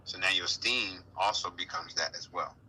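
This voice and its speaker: A man giving a casual spiritual talk, playful and animated, often acting out other people's voices. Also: sits low, moderate pace, a little hiss or hum, rough recording. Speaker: guest speaker.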